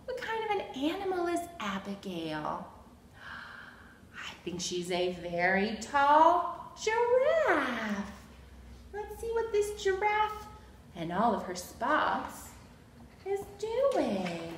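Slow sing-song woman reading to kids. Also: on the high side, big pitch swings, a little hiss or hum. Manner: sing-song, gasping, cheerfully encouraging. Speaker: children's librarian. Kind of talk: children's storytime read-aloud. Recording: roomy echo.

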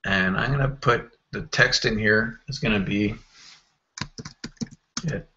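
A man's voice: lowish voice, moderate pace, pushed and bright, highs cut off. Man narrating a casual screen tutorial. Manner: casual, thinking aloud with fillers and self-corrections. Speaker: software tutorial presenter. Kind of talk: screen-recorded software walkthrough.

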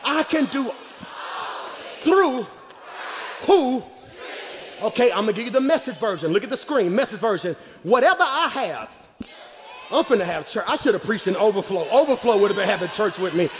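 High-voiced pastor in his forties, shouting. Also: very animated, brisk, long reverb tail, some chatter behind, slight background noise. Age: 40s. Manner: shouting, sing-song call-and-response preaching. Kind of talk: live sermon. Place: church sanctuary with congregation.

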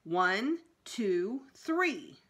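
A woman's voice: medium pitch, big pitch swings, very slow, fairly bright tone, full character voice. A woman doing a fussy, firm storybook mother. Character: fussy mother, easily embarrassed yet firm.

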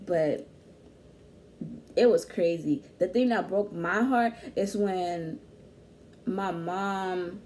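A young woman telling a story in casual chat, animated and slangy, laughing often. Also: on the low side, drawn-out words, long pauses. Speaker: vlog host.

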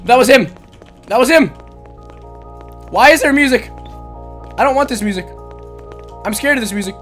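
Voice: mid-range voice, normal speed, a bit bright. A gaming channel host giving panicked let's-play commentary, shrieking and repeating words over and over. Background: game music.

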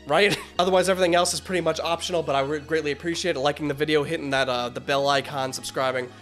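An excitable man reacting to music, gushing and laughing between lines in loose, casual commentary. His voice sits a touch high, and faint music hums behind him. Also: fast. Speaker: reaction video host.

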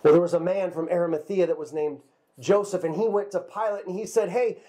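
Speaking in a high voice, a man working as a kids' pastor recounts a Bible story for children. His telling is lively but somewhat halting, and he frequently says a word twice before continuing.

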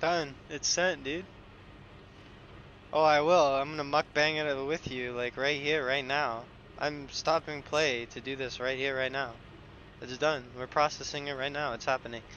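A young man streaming a video game live, chatting casually and excitedly with viewers and teammates, swearing now and then. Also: medium pitch, normal speed, muffled recording, a little hiss or hum. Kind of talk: casual live gameplay commentary.

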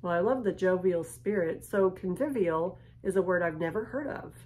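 A woman hosting a casual unboxing video, gushing and lingering over each item, sometimes dropping to a hush. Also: on the low side, moderate pace. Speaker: unboxing vlogger.

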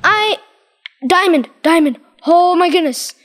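A woman giving excitable, dramatic commentary over her Minecraft gameplay, exclaiming and repeating herself. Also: very high voice, slow pace. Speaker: gaming channel host.

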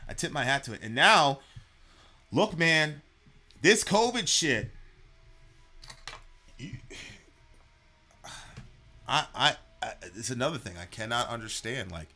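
Animated, swearing man with a sharp voice. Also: mid-range voice, slow, long pauses. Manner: animated, swearing, with many stumbles and repeated words. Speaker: co-host of a reaction podcast. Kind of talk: casual political rant.

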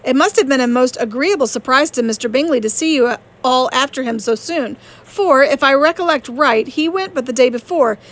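A woman reading the part of a witty, sharp-tongued young woman in an audiobook, brisk and pointed. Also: high-pitched, natural voice.

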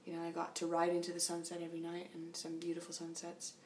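A woman's voice: fairly low pitch, completely flat delivery, fast talker, recorded from a distance, a little hiss or hum. A tired woman chatting casually in a video diary about her cycling trip, laughing often, in a small motel room. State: tired after a long flight. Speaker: long-distance cyclist vlogging.

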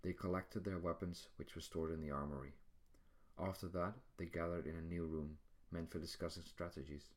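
A man narrating a fantasy audiobook in a quiet, low-key storytelling manner. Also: fairly even intonation, normal speed.

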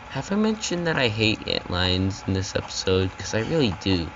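A low-voiced man hosts a gaming channel, giving casual let's-play commentary over loud game noise. His pitch swings widely at a moderate pace, and he rambles, yelping and repeating words when he panics.

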